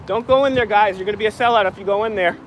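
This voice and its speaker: An activist vlogger films a protest live on a handheld phone outdoors at a public event, heckling, shouting boos, and accusing officials in a confrontational rant. His voice is high and very fast. The low-quality recording carries a little hiss or hum.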